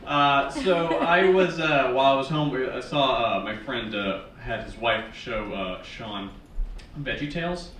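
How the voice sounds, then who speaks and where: A man in his thirties from Northern Virginia performing a stand-up comedy set in a wry, sarcastic, animated way, recorded from a distance on a small theater stage. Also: mid-range voice, unhurried, a crowd in the background. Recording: echoey theater from far off. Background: live audience laughing.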